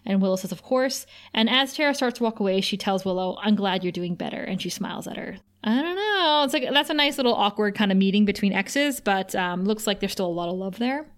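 A woman's voice: mid-range voice, expressive, brisk, few pauses. A woman co-hosting a podcast, casually recapping TV scenes with quoted lines and frequent laughter. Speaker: podcast co-host.

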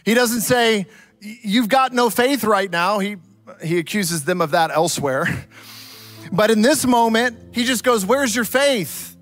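A man preaching a sermon, telling a story dramatically and swinging from loud to hushed. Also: high voice, animated, measured pace, soft background music. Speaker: pastor.

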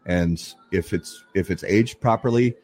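Man, low pitch, casual podcast co-host, emphatic explainer, restarts often. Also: measured pace, darkish tone, breathy edge. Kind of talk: casual chat.

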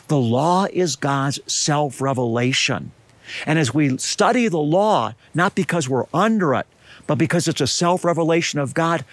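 A man preaching an earnest, emphatic sermon and leading a prayer. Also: mid-range voice.

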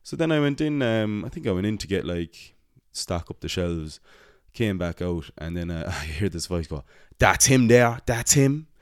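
A young man with a very deep, smooth and resonant voice tells a casual, rambling story. He swears freely and pokes fun at himself. The sound is dry and close to the mic. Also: moderate pace, a little mellow, dry recording. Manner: rambling, swears often, self-deprecating. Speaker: podcast host, cinema worker.

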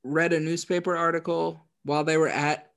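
A man chatting casually as a podcast co-host, laughing as he retells scenes in quick quoted voices. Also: fairly high pitch, little pitch movement, vocal fry, fairly bright tone, smooth. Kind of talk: casual chat.

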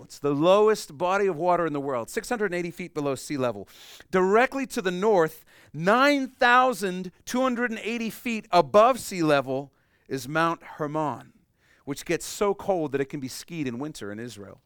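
A man preaching a sermon, explaining a passage emphatically and swinging between loud and hushed delivery. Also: high-pitched, animated, moderate pace, smooth, no room sound, clean studio sound. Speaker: pastor.

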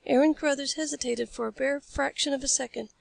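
A woman narrating an adventure novel in a steady, even reading voice. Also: sits high, fast talker, creaky, no room sound. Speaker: audiobook reader. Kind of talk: scripted narration.

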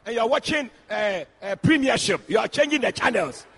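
Shouting, high-voiced preacher man. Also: normal speed, gravelly, breathy edge. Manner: shouting, animated, addressing the congregation directly. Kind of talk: sermon. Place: church.

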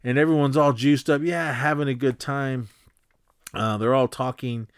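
A man recapping a film in a loose, chatty way, full of fillers and restarts, who jumps into higher, faster voices when quoting characters. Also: fairly even intonation, clean tone, no room sound, clean studio sound. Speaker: podcast host recapping a film. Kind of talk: casual rambling recap.

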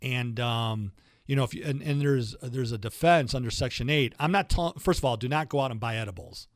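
A man hosting a legal talk show, chatting casually in a rambling, animated way with frequent restarts. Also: medium pitch, a little fast, no echo, clean studio sound. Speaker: radio show host and lawyer. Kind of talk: casual talk-radio chat.

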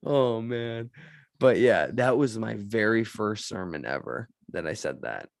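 A man in casual podcast chat, a pastor and co-host telling animated stories and laughing often. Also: on the low side, unhurried, creaky, dry recording.

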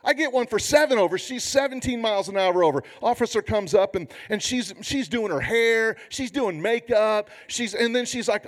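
High-voiced joking man preaching. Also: normal speed, few pauses. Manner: humorous, animated storytelling. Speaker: pastor. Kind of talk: sermon.

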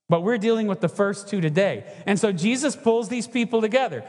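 A man with a high, light voice preaches a sermon, talking to his congregation in an easy, conversational way and often tossing in "right?". His voice rings out with the long reverb of a large hall. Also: a little fast, hardly any pauses, a little mellow. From Texas. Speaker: pastor.

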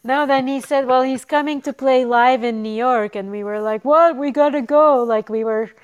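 A woman co-hosting a casual chat, lively and laughing a lot. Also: fairly high pitch, moderate pace, smooth, muffled recording. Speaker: co-host.

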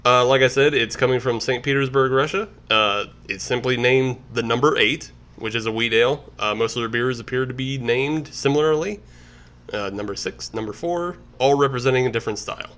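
An easygoing man co-hosts a casual beer review. His voice is mid-pitched and his delivery plain. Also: fairly quick, a bit bright. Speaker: podcast co-host. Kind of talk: casual chat.

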